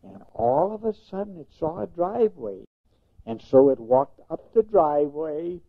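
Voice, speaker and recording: An older man, a grandfather, slowly telling a gentle bedtime story in a singsong way. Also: a little high, animated. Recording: tinny phone-like sound.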